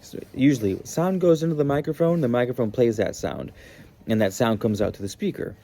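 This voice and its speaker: A man's voice: mid-range voice, expressive, fairly quick, mellow, slight background noise. A man hosting a spiritual self-help video, talking casually and earnestly, often restarting and trailing off mid-thought. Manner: earnest, motivational. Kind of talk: casual explanatory monologue.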